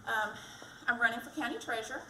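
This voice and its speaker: Speaking fast in a pushed, bright, slightly high voice, a woman pitches herself for county treasurer with chatty self-deprecation. The setting is a fire department community event. Expect echo, a far-off mic, and background noise.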